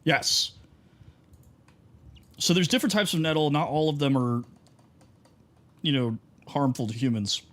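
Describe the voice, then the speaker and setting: A man's voice: a little high, animated, unhurried, long pauses, a bit bright. A young man from Texas, a streamer chatting casually while gaming, rambling through stories with lots of fillers. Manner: rambling storyteller, heavy on fillers.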